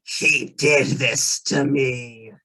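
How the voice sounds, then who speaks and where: A man doing a scarred, half-starved soldier woman in a tabletop game, speaking in a hoarse whisper. Her words drag out very slowly and grimly, with a bright, forceful edge. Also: medium pitch, steady tone, pitched above the performer's own voice, exaggerated voice, rough recording. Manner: slow and grim.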